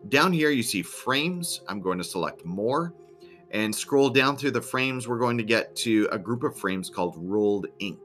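A man, a teacher, narrating a screen-recorded software tutorial in a chatty, step-by-step way with dry little asides. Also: medium pitch, expressive, normal speed, soft background music.

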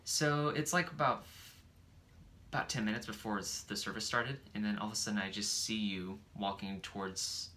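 A young man in his twenties with a bright, mid-pitched voice talks haltingly and often stops to restart his sentences. Faint background noise sits behind him. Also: steady tone. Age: 20s. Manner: hesitant, many fillers and restarts. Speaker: boyfriend guest. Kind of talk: casual couple Q&A.

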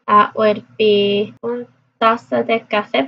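A woman records a casual practice vlog, sounding out phrases and talking to her viewers in an easy, chatty way. Her voice sits a touch high and moves at an unhurried pace. The recording is dull and lo-fi. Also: steady tone, slight background noise. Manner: chatty, repeats app phrases aloud. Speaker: language learner vlogger. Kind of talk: casual chat.

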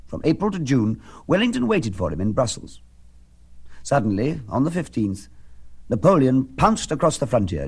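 A man narrating a scripted historical documentary in a measured, grave, theatrical way. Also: medium pitch, a little mellow, slightly rough.

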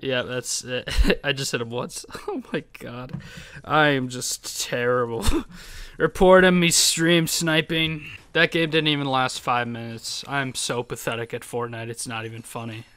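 A young man giving casual, excitable gameplay commentary, swearing and jumping into high yelps. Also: normal speed, no room sound. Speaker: gaming YouTuber.

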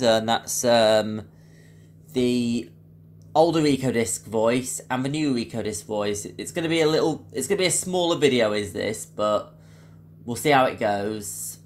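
Slow, hesitant man with a deep voice. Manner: relaxed, hesitant with frequent fillers. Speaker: video host. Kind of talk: casual vlog talk.

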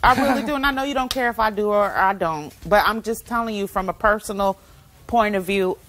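A woman chatting quickly and reassuringly with a housemate. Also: mid-range voice, a bit bright. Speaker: reality show housemate. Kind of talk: casual chat.

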